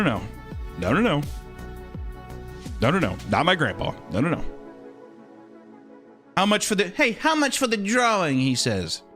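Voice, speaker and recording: A man's voice: medium pitch, a bit bright. A man chatting casually on a live stream while drawing, rambling and joking with crude humor.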